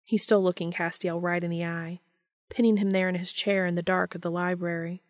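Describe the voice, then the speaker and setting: A woman narrating a romantic story in a calm, slow, measured way. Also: fairly low pitch, dry recording, clean studio sound. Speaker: story reader.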